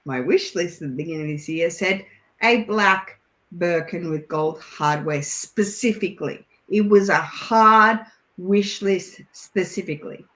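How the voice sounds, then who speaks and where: Her voice sits lowish and unhurried, and the room she's in is echoey. An Australian woman joins a video call as a guest for a casual chat, spinning lively stories and breaking into laughter frequently.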